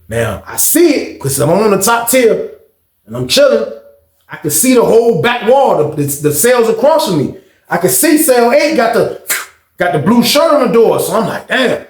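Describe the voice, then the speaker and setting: A man telling a story in a casual, animated, slangy way, acting out the scenes. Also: sits high, moderate pace, roomy sound.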